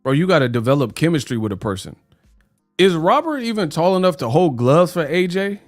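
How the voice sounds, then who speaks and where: A man's voice: on the high side, sing-song, brisk, no echo, studio quality, faint music behind. A man hosting a live boxing talk stream in loose, slangy, joking chat, drifting into mock British voices. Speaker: host. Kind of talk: casual livestream chat.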